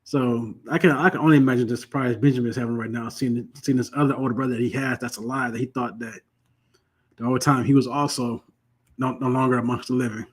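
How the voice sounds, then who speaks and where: A man leading a Bible class, reading verses slowly and then retelling them in loose, slangy everyday talk. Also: medium pitch, fairly even intonation, husky. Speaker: Bible study teacher. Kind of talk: scripture reading and casual explanation.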